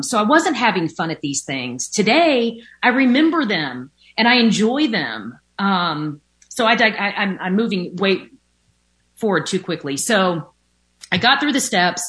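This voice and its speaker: At home by a window, a woman with a medium-pitched, slightly bright voice tells her recovery testimony as a recovering alcoholic. She speaks candidly about overcoming addiction, using plenty of fillers and the odd swear word.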